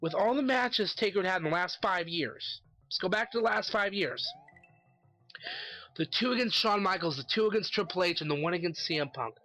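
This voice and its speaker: A man's voice: sits high, animated, moderate pace, bright, forceful tone, soft background music. A man giving a casual solo commentary, ranting animatedly and swearing constantly. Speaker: wrestling commentary vlogger.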